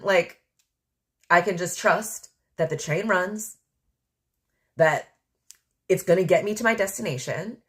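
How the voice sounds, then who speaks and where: Low-voiced woman musing on a podcast. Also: slow, long pauses, fairly bright tone. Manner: rambling and candid, heavy on fillers like "like". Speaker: podcast host. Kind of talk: casual reflective monologue.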